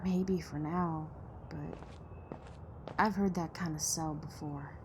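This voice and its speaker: Woman playing a sarcastic tough slum girl, low and slow, faint hiss. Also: fairly even intonation. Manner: sharp-tongued, sarcastic. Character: blunt, distrustful young woman of the slums. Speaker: local woman from a poor neighborhood. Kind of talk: audio drama acting.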